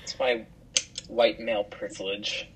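A teenage boy joining a casual podcast call, laid-back and deadpan in his interjections. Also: on the low side, unhurried, slightly rough, low-quality recording. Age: teens. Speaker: podcast guest. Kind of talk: casual chat.

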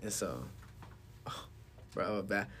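A young man chatting casually, telling a story with frequent laughter, drifting between low mumbling and loud laughing bursts. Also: animated, measured pace, husky. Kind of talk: casual chat.

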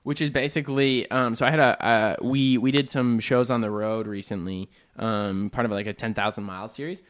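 A man co-hosting a podcast, telling stories in an animated, rambling way. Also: mid-range voice, a little fast. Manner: animated storytelling, lots of fillers. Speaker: podcast co-host. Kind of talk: casual podcast chat.

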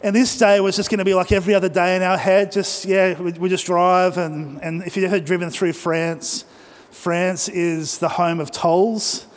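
A man's voice: high-pitched, level tone, normal speed. An Australian man preaching, telling a personal travel story in a conversational way and speaking directly to the audience. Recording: long reverb of a large hall.

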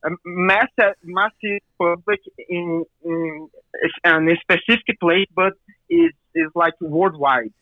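A Brazilian man with a Brazilian Portuguese accent speaks slowly, stumbling and repeating words as he hunts for the next one. His voice sits fairly high for a man. It comes through a dull, lo-fi phone line. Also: no room sound. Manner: halting, repeats words while searching for them. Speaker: guest musician. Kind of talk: casual interview.

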